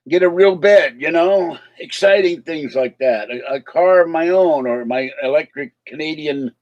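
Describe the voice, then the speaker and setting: In a casual livestream, a man with a mid-range, darkish voice rambles and chuckles at his chat. His speech carries a slight slur from missing teeth, and the recording has its highs cut off.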